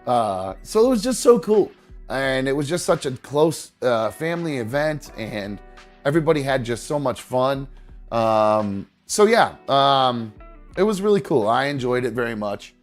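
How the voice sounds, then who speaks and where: A man hosting a loose, casual podcast at an ordinary middle pitch, rambling through fillers and half-finished sentences. He mutters to himself while fumbling with his setup, and he is openly sentimental. Faint music plays behind him. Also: animated, moderate pace. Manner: rambling, many fillers and restarts, talks to himself while fiddling with pictures; sentimental, gets choked up. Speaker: podcast host. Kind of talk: casual chat.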